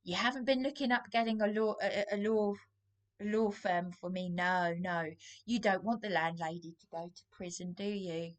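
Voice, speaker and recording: A woman's voice: medium pitch, normal speed. An Englishwoman, out of breath and venting in an agitated, aggrieved, rambling monologue to the camera. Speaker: vlogger.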